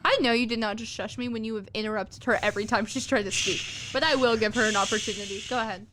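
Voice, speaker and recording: A woman's voice: a little high, fairly even intonation, bright, forceful tone, slight background noise. A young woman co-hosting a podcast, playful and teasing in casual comedic banter. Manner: playful, teasing, quick jokes. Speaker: podcast co-host.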